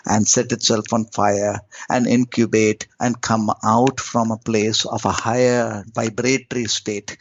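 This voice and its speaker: A middle-aged man teaches as a podcast guest, his voice climbing on emphatic questions and then dropping to slow, hushed phrases. The recording is muffled and lo-fi, with a dry, close sound and no room echo. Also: mid-range voice. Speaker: yogi and spiritual teacher, guest. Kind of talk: podcast interview, spiritual teaching.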